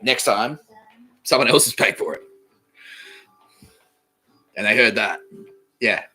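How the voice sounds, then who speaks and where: A man with an Australian accent delivering a rambling, profane comedic monologue, repeating himself and swinging between loud outbursts and mumbling. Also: fairly low pitch, slow pace, husky, faint music behind. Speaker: podcast host.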